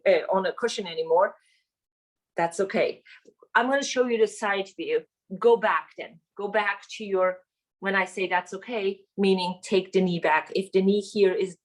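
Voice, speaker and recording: A woman leads a yoga class at an unhurried pace, guiding each pose and breath as she shows it. Her pitch sits in an ordinary middle range, and her cues come across as gentle. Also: poor audio. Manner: gentle, cueing breaths and poses, demonstrating as she talks. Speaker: yoga teacher. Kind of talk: guided yoga class instruction. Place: studio class recorded on video.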